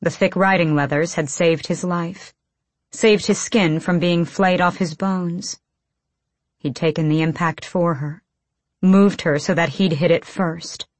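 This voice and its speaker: A woman's voice: lowish voice, steady tone, a little slow, no echo. A woman reading an audiobook in tense, clipped bursts of phrasing. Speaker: audiobook narrator. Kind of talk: scripted audiobook narration.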